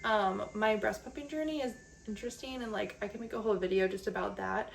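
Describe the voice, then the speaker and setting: Speaking fast in a creaky mid-range voice, a young adult woman vlogs casually to camera, chatty and candid with a sentimental streak and heavy use of fillers. Slight background noise can be heard.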